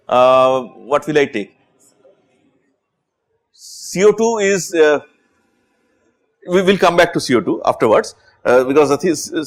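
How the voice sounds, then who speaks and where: Animated Indian lecturer with a lively pitch. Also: male voice. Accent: Indian English. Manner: animated, asks rhetorical questions with repeated "right?". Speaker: chemistry lecturer. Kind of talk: university lecture.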